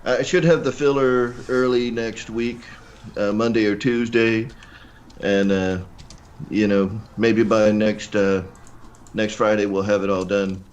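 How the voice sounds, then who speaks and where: Low-voiced man on a muffled line. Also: unhurried. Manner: relaxed, matter-of-fact. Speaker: guest. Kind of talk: casual livestream chat. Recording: dull lo-fi remote line.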